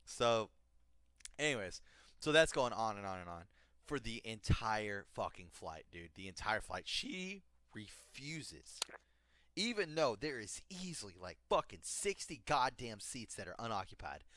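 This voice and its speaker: A man's voice: on the low side, big pitch swings, moderate pace, fairly bright tone, no echo. A man co-hosting a podcast, telling a casual, profanity-laced comedic anecdote. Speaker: podcast co-host.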